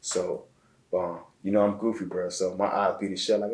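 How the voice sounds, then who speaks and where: Man from chicago, very deep voice, halting and emotional, echoey room. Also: level tone, a little mellow. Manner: emotional, halting, repeats words. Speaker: interview guest. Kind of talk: casual storytelling.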